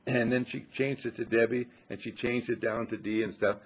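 A man's voice: mid-range voice, steady tone, moderate pace, breathy edge. An older man giving an effusive, affectionate inspirational talk to a gathering, his voice swooping up on emphasis. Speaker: spiritual speaker.

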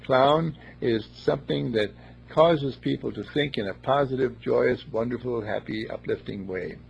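A man talking in a playful, rambling, repetitive way in casual storytelling, with a gravelly, raspy voice. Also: medium pitch, normal speed, highs cut off.

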